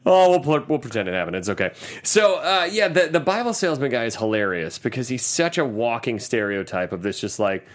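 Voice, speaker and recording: A man's voice: mid-range voice, very animated, fairly quick, few pauses. A young man hosting a podcast, casually joking about a movie and acting out its lines. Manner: joking, laughing, acting out quotes. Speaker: podcast host.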